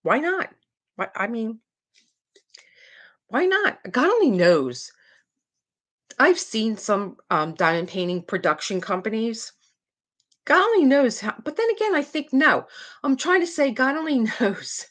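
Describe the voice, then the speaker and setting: Chatty and rambling, a middle-aged diamond painting livestream host talks with her viewers, often trailing off and starting again. Her fairly high, slightly bright voice swings widely in pitch at a normal speed.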